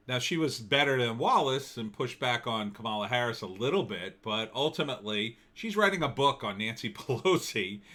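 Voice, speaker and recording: A man's voice: medium pitch, pushed and bright. A man giving an opinionated, sardonic commentary monologue in a loose, conversational way. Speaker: political commentator.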